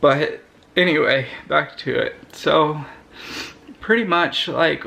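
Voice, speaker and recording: A young man vlogger telling a personal story to camera in an earnest, halting way, often restarting his sentences. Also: on the high side, gravelly, sharp tone.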